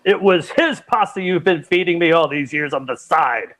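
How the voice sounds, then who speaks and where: Man doing sly graveyard keeper, deadpan, somewhat high voice, improv comedy. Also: moderate pace, close to an everyday voice. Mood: accusing.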